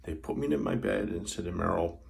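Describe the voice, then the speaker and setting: A man in his sixties telling a personal story, vivid and animated, acting out the scenes as he goes. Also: low-pitched, fairly quick, creaky. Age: 60s. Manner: vivid, animated retelling with sound effects.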